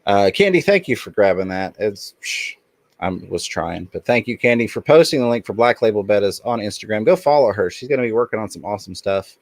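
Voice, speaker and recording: A man's voice: on the low side, lively intonation, a little fast, dry recording. A man hosting a casual livestream in an upbeat way, reading the chat aloud and thanking viewers. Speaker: livestream host.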